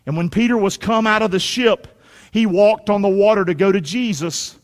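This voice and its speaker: Man, pastor, sermon, big swings in pitch, long hall reverb. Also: moderate pace. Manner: animated preaching, swinging between loud shouts and low quiet asides.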